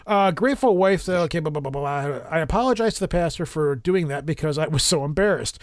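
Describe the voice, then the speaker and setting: A man's voice: a little high, animated, quick pace, no echo, clean studio sound. A man hosting a paranormal podcast, reading news articles aloud with stumbles and self-mocking asides.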